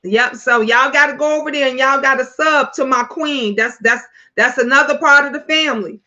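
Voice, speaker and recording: Woman, livestream host, high voice, bright tone, loud, playful, swears a lot. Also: normal speed, dull audio. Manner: loud, laughing, profane and playful. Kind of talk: casual livestream chat.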